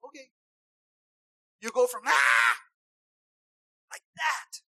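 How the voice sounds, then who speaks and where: A woman preacher delivering a passionate sermon, repeating herself and swinging from soft asides to shouts. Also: a little high, moderate pace, no echo, poor audio.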